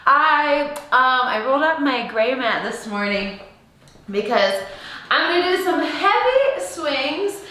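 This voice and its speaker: Brief: upbeat woman trainer, high bright voice, unhurried, lightly echoey home room. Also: sing-song. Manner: bubbly, playful, sing-song greetings. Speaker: fitness instructor. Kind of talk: live workout class instruction. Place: home workout space.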